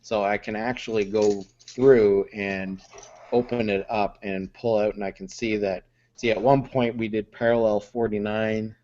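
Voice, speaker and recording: A man co-hosting a podcast, chatting casually over beer in a hesitant way with many pauses, on muffled lo-fi audio. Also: lowish voice, fairly even intonation, a little mellow. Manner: hesitant, many ums and restarts. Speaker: podcast co-host.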